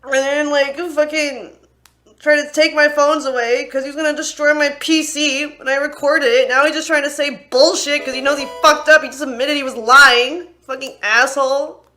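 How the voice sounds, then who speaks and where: A woman's voice: sits high, steady tone, normal speed, bright, forceful tone. Furious young woman ranting on a livestream. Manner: angry, profane, venting. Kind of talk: unscripted livestream rant.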